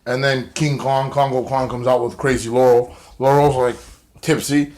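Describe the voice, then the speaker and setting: A man's voice: medium pitch, flat delivery, moderate pace, darkish tone. A man recapping a wrestling show in a rambling, casual way, full of fillers and swearing.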